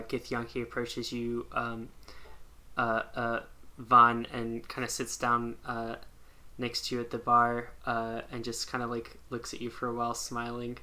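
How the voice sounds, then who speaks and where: A man's voice: mid-range voice, bright, forceful tone. A man narrating a tabletop game as game master, hesitant and full of fillers.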